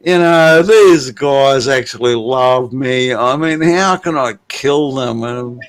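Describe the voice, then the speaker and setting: A man's voice: medium pitch, slow, soft background music. A man telling rambling, profane stories in casual chat from home at his computer.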